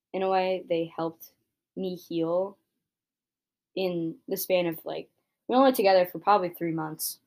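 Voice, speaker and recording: Young woman podcaster rambling on, swears a bunch, lowish voice. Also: vocal fry, darkish tone. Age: young adult. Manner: rambling, self-deprecating, swears a lot. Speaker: podcast host. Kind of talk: casual solo chat.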